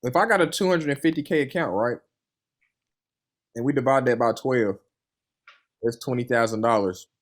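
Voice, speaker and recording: A man's voice: mid-range voice, normal speed, long pauses. A young man, a funded trader, talking casually and earnestly in an interview, with a loose storytelling manner full of "you know" and "man". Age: young adult. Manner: earnest and enthusiastic.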